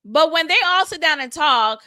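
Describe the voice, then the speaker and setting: A woman's voice: high voice, lively intonation, moderate pace, bright, forceful tone, dry recording, studio quality. A woman hosting a casual reality show recap, candid, opinionated and chatty. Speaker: show review host.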